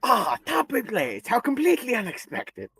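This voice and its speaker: A man's voice: extremely high pitch, huge pitch swings, moderate pace, fairly bright tone, slightly rough, faint music behind, pitched above the performer's own voice, heavily acted. A man voicing a theatrical cartoon mad scientist, a middle-aged male villain, with a nasal, overblown villain accent. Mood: gloating.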